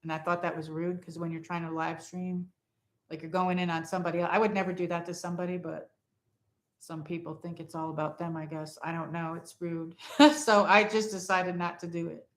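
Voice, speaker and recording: A woman's voice: on the low side, flat delivery, a little fast, reverberant. A woman hosting a casual livestream from her phone at home, rambling and reading viewer comments aloud. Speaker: livestream host. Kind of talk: casual live chat with viewers. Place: home, in front of a Christmas tree.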